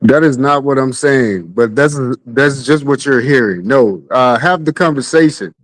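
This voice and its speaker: A man's voice: medium pitch, moderate pace, no room sound, rough recording. A man arguing as a guest on a live stream panel, insistent, repeating his points and the other man's name. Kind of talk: argumentative debate.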